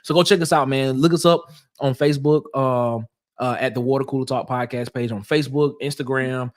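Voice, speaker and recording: A man's voice: mid-range voice, fairly even intonation, fairly quick. A man, guesting on a casual sports podcast, laid-back and full of fillers and "y'all".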